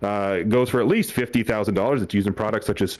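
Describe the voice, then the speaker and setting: A man's voice: on the low side, fast, darkish tone. A young man doing a stand-up comedy set on a club stage, telling family stories with acted-out quotes and frequent laughter.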